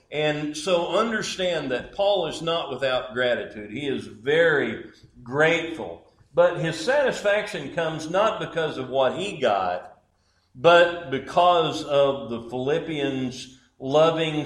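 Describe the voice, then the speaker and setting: A man preaching a sermon as pastor, slow and emphatic, with dramatic pauses. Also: mid-range voice, reverberant, rough recording.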